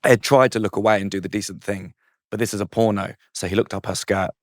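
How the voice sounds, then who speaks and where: A man reads out a comic story in a playful, mischievous way, laughing at his own lines. His voice sits a little low. The sound is dry and close to the mic. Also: steady tone, fast talker, no room sound. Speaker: comedian guest reading his story. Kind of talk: comic reading of a saucy story.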